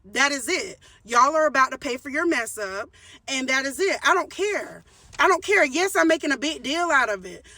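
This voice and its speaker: A woman vlogger talks straight to her viewers in a heated storytime rant. Her voice sits high and rings bright. She hammers her points by repeating them and often restarts her sentences. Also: expressive, moderate pace, no echo, recorded from a distance. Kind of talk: casual storytime rant to camera.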